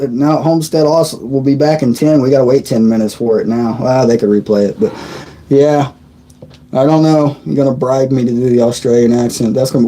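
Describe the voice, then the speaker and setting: Answering chat comments on a casual live stream, a man from Indiana in his 30s jokes and laughs, often stumbling and starting over. His pitch is fairly high and his tone mellow, heard through a low-quality recording.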